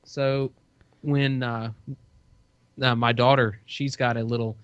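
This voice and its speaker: A man's voice: medium pitch, flat delivery, slow pace, a bit bright, clear, resonant tone, no echo. A man in casual podcast chat, telling a long story with plenty of "you know" and "uh". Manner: rambling storytelling, many fillers. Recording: dull dry lo-fi sound.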